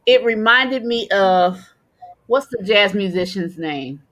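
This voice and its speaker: Slow-talking woman w a bright high voice, laughing along on a podcast. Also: animated. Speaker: podcast co-host. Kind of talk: casual chat.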